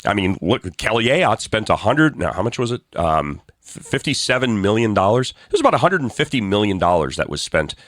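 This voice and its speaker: A man co-hosting a political talk show, ranting in a blunt and sarcastic way and often restarting his sentences. His voice is very deep but jumps around widely in pitch. The sound is dry and close. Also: very animated, brisk, a bit bright, dry recording. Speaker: co-host.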